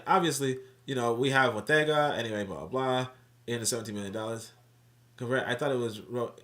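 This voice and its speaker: A man's voice: mid-range voice, pushed and bright. A man hosting a live stream, talking casually in a rambling, profane and self-correcting way. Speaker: livestream host. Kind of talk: casual unscripted commentary.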